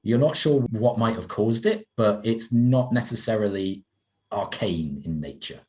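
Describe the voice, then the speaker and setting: A man with a somewhat low voice, narrating a tabletop role-play game as its game master. He describes scenes in a measured, careful way. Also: expressive, darkish tone.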